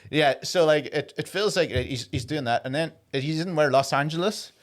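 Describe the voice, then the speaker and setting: A man's voice: a little high, normal speed. An Irish man co-hosting a podcast, chatting casually, swearing freely and acting out what people say. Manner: sweary, acts out quoted people. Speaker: podcast co-host. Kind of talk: casual chat.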